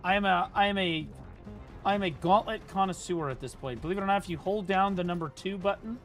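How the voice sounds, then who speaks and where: A man's voice: sits high, quick pace, fairly bright tone, soft background music. A man streaming a game who banters in a teasing, profane, mock-insulting way. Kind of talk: casual gaming banter.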